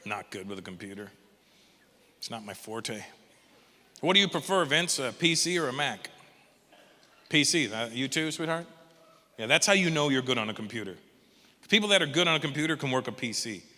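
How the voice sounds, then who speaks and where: A man in his fifties doing a stand-up comedy routine, animated and profane, dropping into mocking voices. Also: medium pitch, brisk, pauses often. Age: 50s. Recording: echoey hall from a distance.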